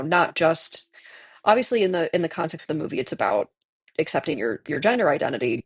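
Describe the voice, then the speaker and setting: A streamer in their twenties, hoarse from tonsillitis, chatting candidly with viewers and laughing often while playing a game. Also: mid-range voice, no room sound. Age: 20s. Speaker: livestreamer reading chat.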